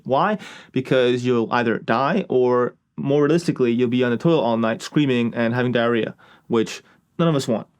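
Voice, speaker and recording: A man giving a casual motivational lecture as a self-help speaker, joking and swearing bluntly as he talks. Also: a little high.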